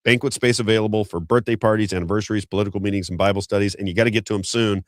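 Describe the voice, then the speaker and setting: A man hosting a talk show, reading sponsor plugs and chatting in a quick, folksy way. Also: fairly low pitch, steady tone, no echo, clean studio sound. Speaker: show host. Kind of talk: unscripted talk-show ad reads and banter.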